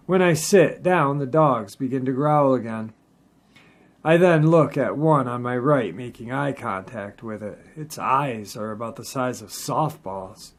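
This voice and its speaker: A man, the channel host, reading a first-person paranormal encounter story aloud in a steady, earnest way. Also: mid-range voice.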